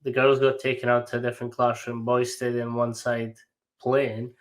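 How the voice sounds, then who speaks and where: A man's voice: mid-range voice, monotone, moderate pace. A man hosting a podcast in casual conversation, speaking hesitantly with restarts. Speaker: podcast host.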